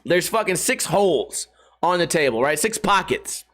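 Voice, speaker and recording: A man's voice: high voice, expressive, normal speed, a bit bright. A man hosting a casual solo podcast, rambling and swearing, laughing at his own jokes and putting on voices for quotes. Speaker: podcast host.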